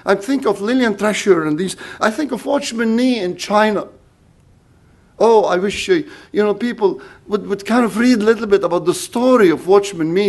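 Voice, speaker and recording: A man's voice: sits high, a little mellow. Earnest preacher man. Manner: earnest, conversational preaching with many restarts. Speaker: pastor. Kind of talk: sermon.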